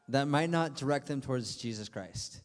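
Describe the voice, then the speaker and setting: A young man preaching to a youth group as their pastor, talking casually with lots of fillers and playful asides. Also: medium pitch. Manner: casual and chatty, full of fillers, acting out friends' voices for laughs. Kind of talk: youth sermon. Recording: long hall reverb.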